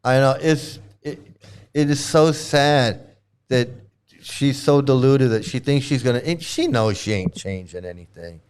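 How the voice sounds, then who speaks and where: A man's voice: mid-range voice, measured pace, a little mellow, a little hiss or hum. A male host giving livestream commentary in an emphatic, exasperated way, often repeating himself and swearing. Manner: emphatic, exasperated, repetitive, profane.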